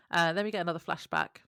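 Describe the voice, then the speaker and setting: A woman's voice: fairly low pitch, clean tone, no room sound, clean studio sound. A woman co-hosting a podcast, recapping a TV episode in casual chat with a wry, laughing manner. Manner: wry, laughs often between remarks. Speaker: podcast co-host.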